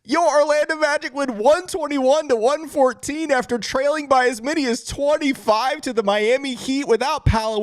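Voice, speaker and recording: Male podcast host, excitable and stunned, very animated delivery, dry close sound. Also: no echo. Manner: stunned, excitable, voice swinging high and low. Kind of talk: postgame fan podcast.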